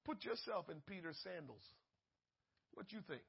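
Man, sermon, acts out voices in the story, husky voice, muffled lo-fi audio. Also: high voice, expressive, normal speed. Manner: swings from shouting to hushed asides. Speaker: preacher.

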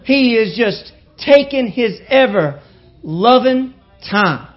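High-voiced woman preaching with fervor. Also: expressive, takes it slowly, dull audio. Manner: impassioned, swings from soft low asides to shouted peaks; repetitive rhythmic preaching cadence. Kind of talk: sermon. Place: church with live congregation.

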